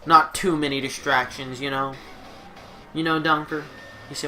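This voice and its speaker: A man's voice: on the high side, steady tone, moderate pace, pauses often, over music. A man giving casual, rambling gameplay commentary on his own, profane and joking, with asides to his dog. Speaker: video game commentator.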